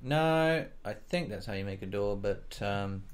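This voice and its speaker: A man's voice: fairly low pitch, animated, unhurried, a little hiss or hum. A man casually narrating his own gameplay, joking and rambling to himself as he builds. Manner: joking, rambling, talks to himself, makes silly sound effects. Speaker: let's play gamer.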